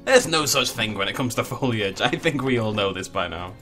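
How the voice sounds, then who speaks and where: A man's voice: lowish voice, lively intonation, brisk, pushed and bright, faint music behind. A man giving casual, playful commentary while he plays a video game, full of jokey asides. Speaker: let's play host.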